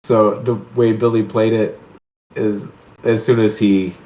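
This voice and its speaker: A man's voice: lowish voice, flat delivery, measured pace, dark tone, slight background noise. A man playing in a tabletop game, hesitant and chuckling as he thinks aloud. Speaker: player. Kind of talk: casual tabletop play. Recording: echoey room.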